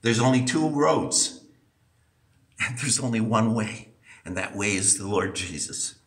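A man's voice: on the low side, expressive, a little slow. A man preaching a sermon, emphatic and repeating points for stress, in an echoey church heard from a distance.

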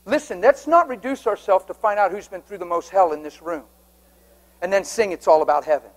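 A middle-aged man preaching a sermon to a congregation, swinging from hushed whispers to loud, urgent emphasis. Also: sits high, brisk, rough recording. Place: church sanctuary before a congregation.

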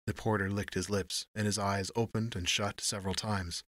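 Low-voiced man narrating noir. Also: level tone, moderate pace, fairly bright tone, no room sound, studio quality. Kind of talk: scripted narration of a noir story.

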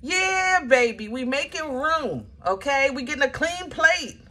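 A woman's voice: high voice, very animated, moderate pace, hardly any pauses, pushed and bright. A woman giving a casual, chatty tarot reading to her viewers, emphatic and often searching aloud for the right word. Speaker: tarot reader.

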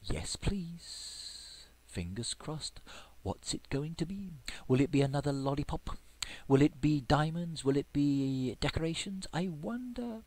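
A man giving chatty gameplay commentary, playfully excited, with squeals of delight and sudden whispers. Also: fairly high pitch, moderate pace. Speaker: game video creator.

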